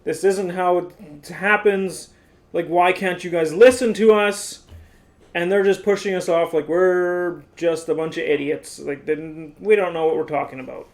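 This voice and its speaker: Young man, high voice, animated exasperated storyteller, casual vlog chat. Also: a little slow. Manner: animated, exasperated retelling with many "like"s. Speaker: vlogger telling his story.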